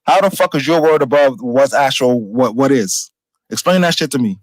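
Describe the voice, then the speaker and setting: A man's voice: medium pitch, lively intonation, normal speed, dry recording, low-quality recording. A man arguing heatedly on a panel, insulting and combative, repeating his points. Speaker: panel debater. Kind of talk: heated argument.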